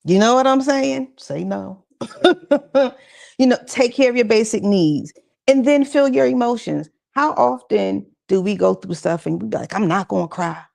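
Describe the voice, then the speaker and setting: A woman's voice: a little high, expressive, a little slow, creaky, darkish tone. A woman giving a conversational, encouraging mental health talk at a church session, with casual asides to the audience. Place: church gathering with audience responses.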